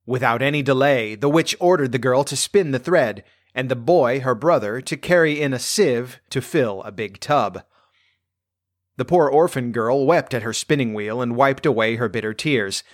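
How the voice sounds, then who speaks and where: A man's voice: medium pitch, moderate pace, dry recording, clean studio sound. Man reading a fairy tale aloud. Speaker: storyteller.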